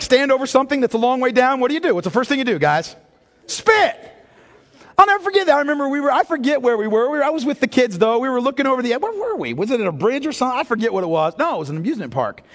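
Animated preacher man in an echoing hall. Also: extremely high pitch. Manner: animated storytelling preacher, shifts from jokes to solemn emphasis. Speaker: pastor. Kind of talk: sermon.

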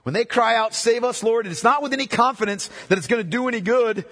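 A man with a very high, husky voice preaches a sermon, talking to the congregation like a friend. He drops to hushed, slow phrases, then presses with emphatic ones. His voice rings with the long reverb of a large hall. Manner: conversational, swings from hushed to emphatic.

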